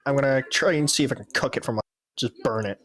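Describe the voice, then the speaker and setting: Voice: medium pitch, quick pace, a bit bright. A player at a tabletop game, casually working out a move and asking about the rules.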